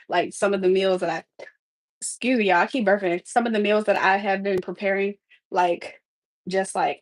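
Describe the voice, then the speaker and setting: A woman chatting casually on a livestream from her kitchen, calling her viewers "y'all" and laughing between thoughts. Her voice sits at an ordinary middle pitch and is recorded close and dry, with no room echo. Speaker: livestream host. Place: home kitchen.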